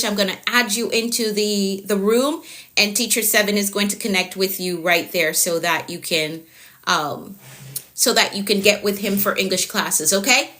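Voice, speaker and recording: A bright, clear-toned woman with a Jamaican accent hosts a live stream as a productivity coach. She talks in a loose, chatty way, circles back to the same points and stops to answer viewers' comments. Her pitch sits in the middle range for a woman. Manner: chatty, repeats herself, answers comments as they come.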